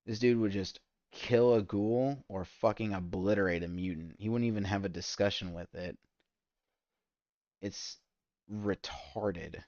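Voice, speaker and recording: A man streaming a game, ranting in exasperated, profane commentary that spikes loud and high. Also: no room sound, lo-fi sound. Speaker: gaming streamer. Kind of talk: ranting commentary while gaming.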